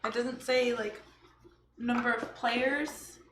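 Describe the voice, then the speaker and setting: A woman's voice: on the high side, steady tone, slow pace. A woman chatting casually while playing a board game, giggling often and counting aloud. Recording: echoey room with clear background noise.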